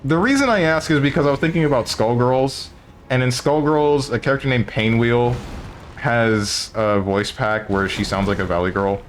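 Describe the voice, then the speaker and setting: A man's voice: medium pitch, moderate pace, slight background noise. A man streaming a video game, chatting and joking with his viewers. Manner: joking, banter with chat. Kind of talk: casual chat while playing a video game.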